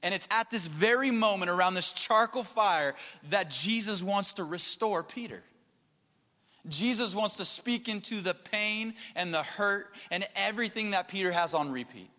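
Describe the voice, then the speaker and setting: A man's voice: high voice, normal speed, pushed and bright, in a large hall. A man preaching a sermon as pastor, talking in an earnest, conversational way. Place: church sanctuary.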